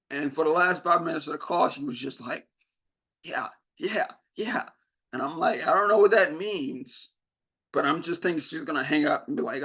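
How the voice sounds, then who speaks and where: Young guy giving a keynote talk, kinda high voice, acts out the convos as he goes. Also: a bit bright. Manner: storytelling, acting out quoted dialogue. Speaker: keynote speaker.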